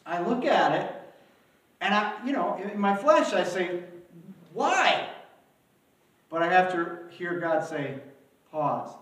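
A male pastor preaching a sermon in a church, with dramatic swings between loud outbursts and hushed emphasis. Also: high voice, recorded from a distance. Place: church, alone without live audience. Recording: very echoey room, voice from afar.

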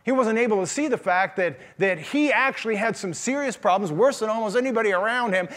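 A man preaching a sermon as pastor, asking the congregation questions in a conversational way. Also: sits high. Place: church.

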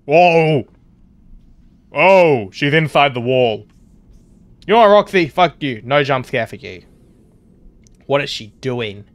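Slow-talking sarcastic man gaming. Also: fairly high pitch, very animated, no room sound. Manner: sarcastic, swearing, yells at game characters. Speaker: gaming YouTuber. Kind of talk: casual gameplay commentary.

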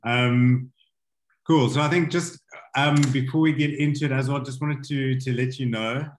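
A man's voice: mid-range voice, steady tone, moderate pace, roomy sound, low-quality recording. A man hosting an event, giving an earnest introduction full of fillers. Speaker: host.

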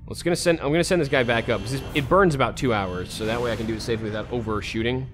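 Racing along in a mid-range voice over music, a man provides casual let's play commentary. Mostly he mutters to himself, but he swings abruptly into frustrated outbursts.

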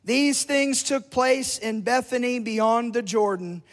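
A man preaching a revival sermon in a church, fervent, with a sing-song cadence and shouted peaks. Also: extremely high pitch, takes it slowly. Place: large church hall. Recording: long church reverb.

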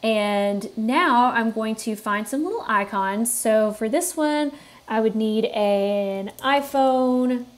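Slow-talking woman explaining step by step. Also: fairly high pitch. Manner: relaxed step-by-step explaining with thinking-aloud fillers. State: has the hiccups. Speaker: tutorial host. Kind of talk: screen-recorded software tutorial.

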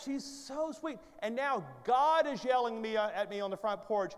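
A middle-aged man preaching a sermon as a guest, telling a story with animated, self-deprecating humor and playful asides to the congregation. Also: very high-pitched, moderate pace, few pauses, clear, resonant tone. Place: large church sanctuary. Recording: long reverb of a big church hall.

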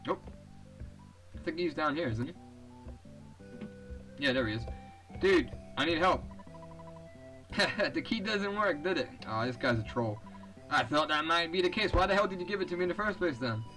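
A man's voice: on the high side, animated, moderate pace, long pauses, bright, forceful tone, soft background music, poor audio. A young man giving casual, profane commentary over a video game, reading its text aloud and laughing often. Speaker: let's play host.

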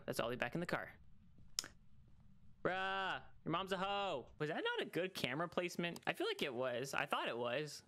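A young adult streamer talks casually over a ghost-hunting game, joking and trash-talking the whole way through. The voice sits at an ordinary middle pitch and jumps up in sharp yelps whenever something startles them. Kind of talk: casual gaming stream commentary.

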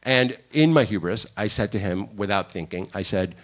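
Lively man telling career stories. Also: on the low side, normal speed. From Miami. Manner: animated storyteller, acts out quoted lines. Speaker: guest director. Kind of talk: panel conversation, storytelling. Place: conference room.

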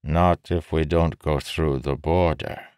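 A man's voice: a bass voice, takes it slowly, dry recording, studio quality, pitched above the performer's own voice. A man voicing a sly, amused king. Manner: smooth, needling, calmly persuasive. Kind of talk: audiobook character voice.

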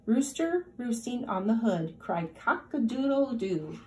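A woman teacher reading a rhyming picture book aloud in a lively, rhythmic way. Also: mid-range voice, a little slow, slight background noise.

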